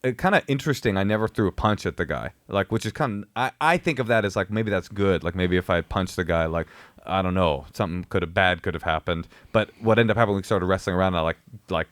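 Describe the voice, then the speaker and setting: A man's voice: low-pitched, fast, a bit bright, no echo. A man in his thirties, a comedian, telling a story in a casual podcast chat, rambling with many fillers and restarts.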